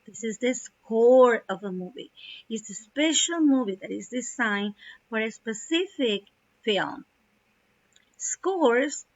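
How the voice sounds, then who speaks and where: A woman teacher talks through an English reading at a very slow, careful pace. Her voice sits a little high. The recording is dull and lo-fi. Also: dry recording. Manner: slow, explanatory, glosses words in Spanish. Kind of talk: classroom lesson, explaining a reading.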